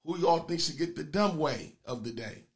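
A man hosting a comedy call-in show with loud, crude, taunting banter aimed at his callers. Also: fairly high pitch, animated, normal speed.

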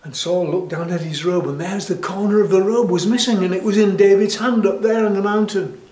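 A man telling a Bible story to children in a lively, animated way, with frequent restarts. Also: sits high, fairly quick. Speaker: church storyteller. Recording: echoey room.

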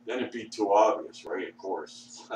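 Profane, grumbling low-voiced man. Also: measured pace, a little mellow. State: sore, struggling to talk. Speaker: vlogger. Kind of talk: rambling rant at the TV. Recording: echoey room, mic far off, faint hum.

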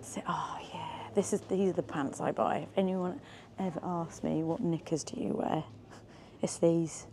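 A woman vlogs her day, popping in and out of shops and an office while chatting in a bubbly, self-mocking way. Her voice is on the low side, steady and dark in tone, at a moderate pace, with slight background noise.

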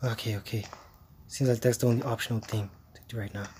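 A man playing a horror game, muttering jittery, exasperated commentary with hushed asides. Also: mid-range voice, steady tone, fast talker, a little hiss or hum. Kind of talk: let's-play commentary.

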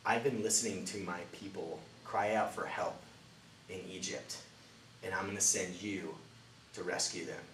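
God speaking with calm authority, as a man puts him on while retelling a story, his low voice echoing around a roomy space and picked up from well back. There is a faint bed of background noise under it. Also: moderate pace. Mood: solemn. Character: God, commanding and patient male deity. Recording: roomy, distant mic, faint ambient noise.

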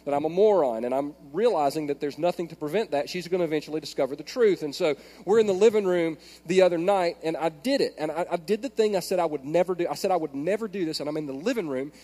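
Male pastor, sermon style, high-pitched, with a long reverb from a large hall. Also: fast talker, few pauses. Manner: animated storytelling, swings from hushed prayer to shouting.

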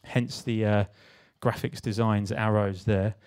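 Low-ish, flat and unhurried, with a darkish, clean tone, a young West Country Englishman addresses a live audience at an event venue. The creative talk is casual and stand-up in style, and he banters with the crowd in a jokey, sweary, self-deprecating manner.

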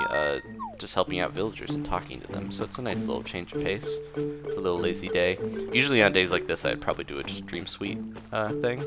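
A man giving relaxed, rambling commentary while playing a cozy video game, often restarting his sentences. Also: sits low, creaky. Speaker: gameplay commentator. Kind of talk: casual let's-play commentary. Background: game music.

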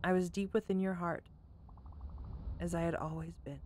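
A woman reading aloud the lines of a gentle spirit of death from a video game, in a slow, hushed, solemn voice. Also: on the low side, fairly even intonation, slight background noise, voice pushed down, close to an everyday voice.

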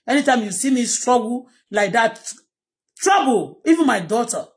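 Middle-aged Nigerian-accented woman, personal vlog, pleading and repetitive, slightly high voice. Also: animated, normal speed. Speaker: vlogger.

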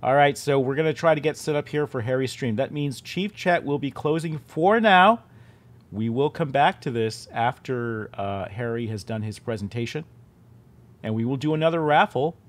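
A man's voice: medium pitch, expressive, normal speed. Streamer host, male, casual and loose, restarts and repeats mid-sentence. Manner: chatty, self-interrupting, repeats words. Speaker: game studio head hosting a stream. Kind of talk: casual live-stream chat.

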